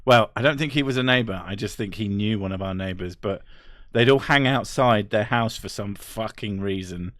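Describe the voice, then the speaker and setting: A man's voice: fairly low pitch, normal speed, hardly any pauses, a bit bright, dry recording. A young man streaming and reading out chat, swearing often and laughing as he talks. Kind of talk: casual live-stream chat.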